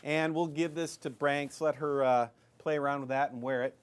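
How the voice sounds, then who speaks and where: A man's voice: a little high, fairly even intonation, moderate pace, clean tone. A man hosting a show on retirement investing, talking in a chatty, rambling way with many fillers and restarts. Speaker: financial advice show host. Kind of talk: casual retirement-investing advice talk.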